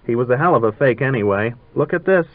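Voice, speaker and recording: A man's voice: mid-range voice, lively intonation, quick pace, dry recording, lightly acted. A man voicing an ironic, showy wealthy amateur magician who mocks and boasts, heard on a tinny old radio broadcast. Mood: boastful.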